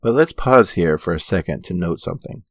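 Male co-host, steady recap delivery, low and dry. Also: a little fast, dry recording. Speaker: podcast co-host. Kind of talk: reading episode recap in casual chat.

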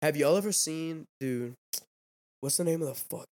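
Over a noisy crowd, a young podcast host rambles in casual conversation, cursing freely and constantly dropping "dude" and "like." His voice is on the high side and he speaks at a moderate pace.

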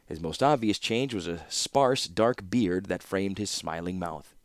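A man narrates a fantasy novel with steady, even storytelling. His voice sits low, and the close, dry recording carries no room sound. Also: unhurried, dry recording. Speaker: audiobook narrator. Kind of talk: scripted narration.

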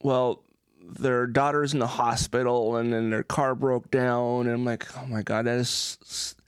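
A mid-pitched man tells stories on a podcast in a rambling way. He stacks up restarts and fillers as he goes. His voice sounds dry and close to the mic. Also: level tone, unhurried, smooth, no room sound. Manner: rambling, repeats words, many fillers and restarts. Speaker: podcast co-host. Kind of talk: casual chat.

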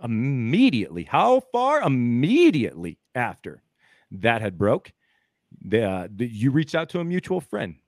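Midwestern male podcast co-host, rambling storyteller with very lively pitch swings, dry close-mic sound. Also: a little slow, no room sound. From American Midwest. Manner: rambling, hypothetical storytelling that swings from mutters to heated outbursts. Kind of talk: casual podcast chat.

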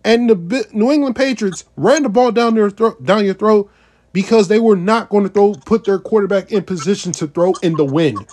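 Guy with a fairly high voice running down the standings on a podcast, steady, one by one. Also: moderate pace. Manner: methodical, runs through lists step by step. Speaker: podcast co-host. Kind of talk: casual sports chat.

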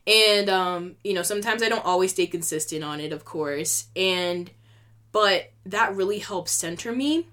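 A young woman talks straight to her podcast listeners in a loose, candid rant, her voice sitting a little on the low side. She is openly emotional, scatters "like" through every sentence and swears without a second thought. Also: fairly bright tone. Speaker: podcast host. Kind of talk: casual solo podcast rant.

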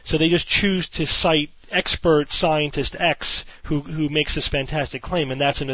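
A man's voice: on the high side, dry recording. Thoughtful male podcast host. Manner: thoughtful, explanatory, with self-corrections. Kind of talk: discussion in a podcast interview. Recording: dull lo-fi audio.

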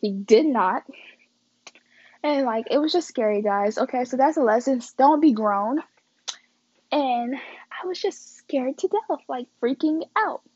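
A woman's voice: high-pitched, lively intonation, a little slow, pauses often, a little mellow, breathy edge, dull audio. A young woman casually telling a story to her viewers, chatty and slangy, acting out quoted dialogue dramatically. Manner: slangy and chatty, addresses the audience as guys and y'all.

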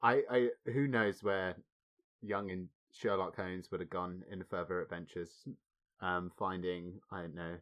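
A man co-hosting a film podcast, speaking in a measured way and chuckling often. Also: low-pitched, fairly even intonation, a bit bright. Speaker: podcast co-host. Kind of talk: casual film discussion.

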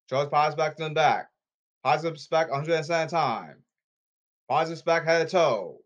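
A man's voice: on the high side, moderate pace, dull audio. A man hosting a podcast, delivering an agitated, repetitive, scolding rant. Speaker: podcast host. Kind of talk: ranting podcast monologue.

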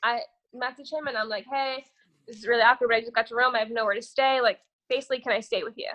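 A woman's voice: fairly high pitch, fairly even intonation, fast, a bit bright. A young woman guesting on a podcast, telling a long dating story in a casual, rambling way, cursing freely and tossing in "whatever". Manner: profane, rambling, says "whatever" a lot.

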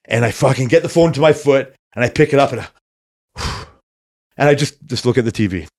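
A man's voice: medium pitch, very fast. A middle-aged man telling a long, rambling story on a podcast, swearing often and laughing as he goes. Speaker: podcast co-host. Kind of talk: casual chat, storytelling.

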